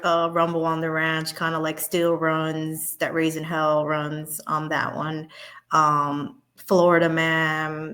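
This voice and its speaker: A woman's voice: low voice, a bit bright. A woman in her thirties, a guest in a casual interview, who rambles with many fillers. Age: 30s. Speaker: guest, pinup model.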